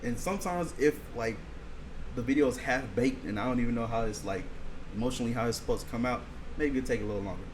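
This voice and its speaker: A man's voice: medium pitch, fast. Young man, casual podcast guest, laid-back, faint background noise. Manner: laid-back, animated when quoting friends. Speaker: podcast guest, comedy video creator. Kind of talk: casual chat.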